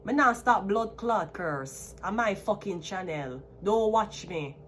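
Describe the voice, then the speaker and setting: A Jamaican woman in her thirties talks straight to camera, defiant and swearing freely. She slides between thick patois and plainer English. Her voice sits at an ordinary middle pitch for a woman. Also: animated, takes it slowly, a bit bright, a little hiss or hum. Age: 30s. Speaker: tarot reader. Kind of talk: ranting to camera.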